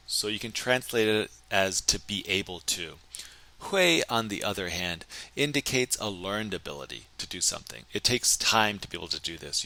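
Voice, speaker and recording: A man teaching a recorded Chinese grammar lesson, explaining in English and slowly modeling sentences in Chinese. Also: on the low side, pushed and bright.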